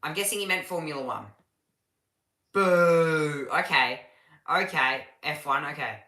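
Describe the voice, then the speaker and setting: Bright-voiced man commentating live. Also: on the high side, echoey room. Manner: chatty and halting, with frequent restarts while reading chat. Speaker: livestream race commentator. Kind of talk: casual live watch-along commentary.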